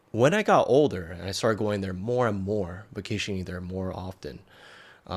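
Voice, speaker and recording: A man in his thirties tells a personal story in a rambling, casual way, full of "like" and "um". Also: on the low side. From United States. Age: 30s. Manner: rambling, lots of "like" and "um". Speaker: podcast host.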